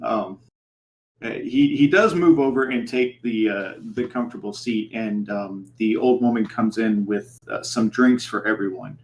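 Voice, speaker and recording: A man narrating as game master of a tabletop game, halting with many fillers and restarts. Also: on the low side, rough recording.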